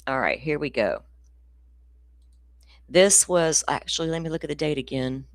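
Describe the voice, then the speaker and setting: A woman's voice: deep voice, expressive, moderate pace, dry recording, clean studio sound. A middle-aged woman, hosting a casual true crime livestream in a rambling, profane, ranty way.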